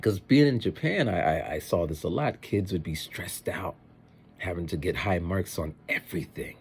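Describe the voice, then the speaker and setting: A man who teaches, chatting in a rambling, animated way in a casual vlog. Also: sits low, normal speed, breathy edge.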